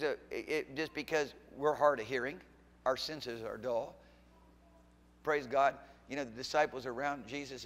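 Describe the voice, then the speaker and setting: Fiery preaching pastor in a reverberant church. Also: male voice, fairly high pitch. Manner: preaches with sudden swings from loud to quiet, teasing questions. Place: church sanctuary. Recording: long hall reverb in a church.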